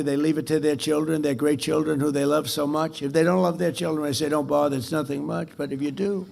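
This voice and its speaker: Gravelly man rambling through a speech. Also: fairly high pitch, darkish tone. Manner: rambling, repetitive, boastful. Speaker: dinner speaker. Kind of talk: off-the-cuff political speech. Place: club dinner event.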